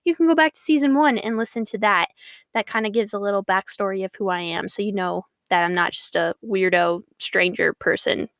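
A woman's voice: mid-range voice, fairly quick, a bit bright, no room sound, clean studio sound. A young woman hosting her faith podcast, talking in a bubbly, earnest, rambling way. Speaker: podcast host. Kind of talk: casual Christian podcast monologue.

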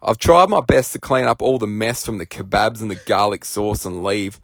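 A man's voice: fairly low pitch, brisk, few pauses, no echo, clean studio sound. A man with an Australian accent, calling in to tell a self-mocking story in a laid-back way. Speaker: caller. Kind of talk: storytelling voice message.

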